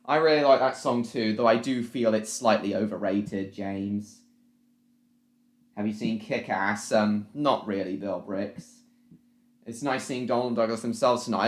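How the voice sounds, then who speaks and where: A man's voice: fairly low pitch, echoey room. A man hosting a live stream from home at his laptop, rambling, apologising and answering his chat by name in a casual way. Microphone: laptop mic.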